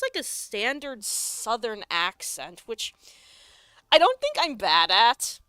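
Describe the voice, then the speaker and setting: A young woman streamer with a bright, crisp voice chats in an unhurried way while she works on a craft, cussing cheerfully and breaking into laughs often. Her voice is close and dry, with faint music playing underneath. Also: medium pitch, no room sound. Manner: chatty, profane, laughs often, reads chat aloud. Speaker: live streamer and tabletop game master.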